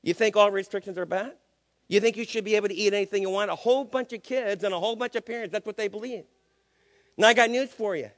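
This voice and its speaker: A man's voice: sits high, fast talker, a bit bright, in a large hall. An older man preaching a sermon, emphatic and questioning his listeners.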